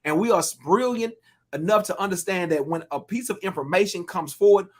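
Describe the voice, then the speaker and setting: A man co-hosting a podcast in casual talk, earnest and quick to affirm. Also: high voice. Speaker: podcast co-host.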